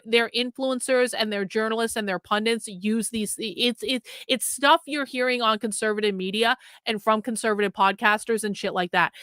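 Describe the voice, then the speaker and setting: A woman's voice: a little high, pushed and bright, dry recording. A woman hosting a political livestream, giving profane, lecturing commentary straight to her chat. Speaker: political streamer host.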